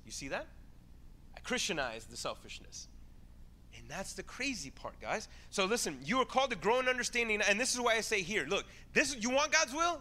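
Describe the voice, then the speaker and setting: A man preaching a sermon in a casual, animated way, acting out quick exchanges as he talks. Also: high voice. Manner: animated, conversational preaching, acts out voices. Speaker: pastor.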